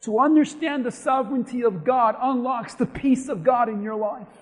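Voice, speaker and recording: High-voiced preacher shouting in a hall. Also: male voice, normal speed. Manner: impassioned preaching that builds to shouting. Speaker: pastor. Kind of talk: sermon. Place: church sanctuary.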